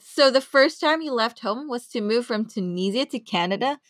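A woman's voice: fairly high pitch, expressive, moderate pace, fairly bright tone, dry recording, studio quality. A woman hosting a podcast who interviews scientists in a bubbly, enthusiastic, chatty way. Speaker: podcast host.

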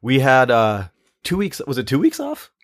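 A man's voice: medium pitch, huge pitch swings, normal speed, no echo. Jokey man co-hosting a podcast. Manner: loose, jokey, laughs often. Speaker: podcast co-host. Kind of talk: casual comedic chat.

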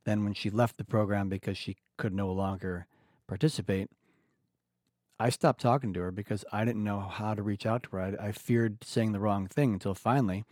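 A man's voice: fairly low pitch, moderate pace, no echo, studio quality. A man hosting a podcast, telling stories in casual conversation and acting out the people he quotes. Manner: animated storyteller who acts out quoted voices. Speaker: podcast host.

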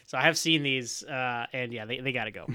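An American man talking as a guest on a film podcast, quick, decisive and wry. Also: mid-range voice, sharp tone, clean tone, no room sound. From United States. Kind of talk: casual film discussion.

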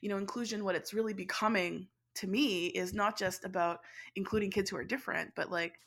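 A middle-aged woman speaks as an interview guest. She tells stories from her teaching in a lively, animated way, with a bright, forward tone, and she laughs often. Her pitch sits at a medium level. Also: a little fast, gravelly. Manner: animated, laughs often, speeds up when excited. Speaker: education instructor, interview guest. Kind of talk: conversational storytelling.

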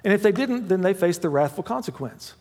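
A man preaching a sermon as pastor, mixing humorous family stories with hushed prayer. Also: sits high, animated, brisk. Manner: dramatic swings from loud to hushed prayer; humorous storytelling with laughs. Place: church sanctuary. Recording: long hall reverb.

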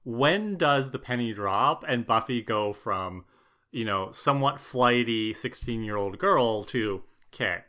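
A man co-hosting a podcast and chatting casually about a TV show, animated and sarcastic, with exasperated asides. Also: mid-range voice, a little slow. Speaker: podcast co-host; teacher. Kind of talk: casual chat.

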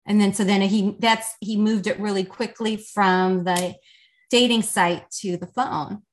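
A woman guest, an intimacy coach, telling a lively story in a casual podcast chat, with lots of "like". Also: mid-range voice, measured pace. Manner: animated, chatty, lots of "like".

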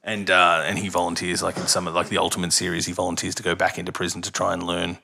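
A lower-pitched man with a bright, forceful tone. He chats casually and enthusiastically. His talk rambles along with plenty of fillers. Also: completely flat delivery, quick pace, creaky, slight background noise. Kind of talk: casual chat.

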